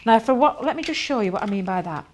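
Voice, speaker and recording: A woman's voice: a little high, expressive, fast talker. Chatty woman demonstrating crafts. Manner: chatty, enthusiastic, thinks aloud while working.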